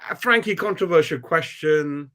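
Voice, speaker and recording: A man's voice: fairly high pitch, expressive, normal speed, bright, forceful tone. Slangy man hosting a fan chat. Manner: slangy, blunt banter. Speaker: fan channel host. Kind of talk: casual football chat.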